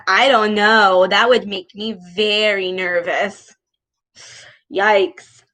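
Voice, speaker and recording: A woman with a medium-pitched, fairly bright voice reads a storybook aloud to young children while teaching a speech sound. She speaks in a slow, exaggerated and encouraging way.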